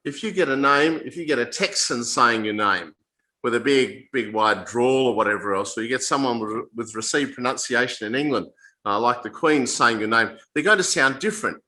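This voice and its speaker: A man teaches from the Bible in an informal, conversational talk. His voice has a very bright, sharp edge. He often stumbles and restarts mid-sentence, then drops in casual asides. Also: medium pitch, rough recording. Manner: halting, repeats and restarts phrases mid-sentence; plain conversational explaining with asides.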